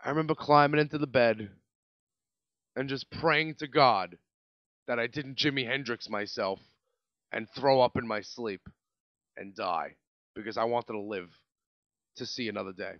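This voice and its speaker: A man in his late twenties with a New York accent, hosting a podcast and telling a rambling, profane story in a casual, animated way. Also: medium pitch, moderate pace, long pauses, dry recording, dull audio. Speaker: podcast host.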